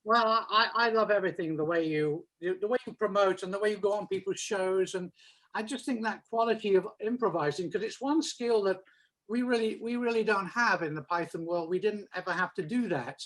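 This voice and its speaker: An older man, interviewing in a casual conversation, wry and chatty with a halting delivery. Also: sits high, a bit bright, poor audio.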